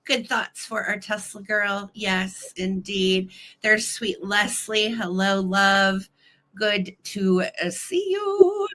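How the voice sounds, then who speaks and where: A bubbly woman hosts a live sale, greeting her viewers one by one with silly nicknames. Her voice is bright and forward, though she is nursing a cold. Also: medium pitch, level tone, takes it slowly. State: has a cold. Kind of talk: casual live-stream chat.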